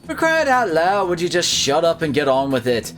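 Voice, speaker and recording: A man's voice: wildly swooping pitch, moderate pace, soft background music. A man voicing a fiery, foul-mouthed young woman in a game with a put-on Australian accent. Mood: angry. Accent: mock Australian. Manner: shouty, put-on high voice.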